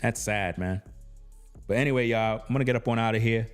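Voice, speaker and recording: A man's voice: lowish voice, brisk, clear, resonant tone, faint music behind. Laid-back man. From New York. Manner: laid-back, chatty, peppered with "you know what I mean". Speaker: YouTube commentator. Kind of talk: casual commentary.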